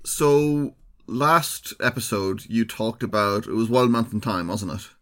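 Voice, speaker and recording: A man co-hosts a podcast in a relaxed, rambling way, with wry asides. His voice sits fairly low, and his chat is casual and unhurried. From Ireland. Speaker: podcast co-host.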